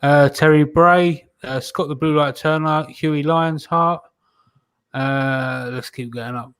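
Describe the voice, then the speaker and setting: A man hosting a podcast, wrapping up the show and reading names from the chat in a relaxed way, with plenty of fillers. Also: a little high, slow pace, smooth. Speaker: podcast host. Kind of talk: casual podcast wrap-up.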